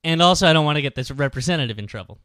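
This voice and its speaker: A man's voice: a little high, lively intonation, very fast, fairly bright tone, dry recording, clean studio sound. A man hosting a podcast, telling a story in casual chat and deadpanning both sides of a phone call. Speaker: podcast host.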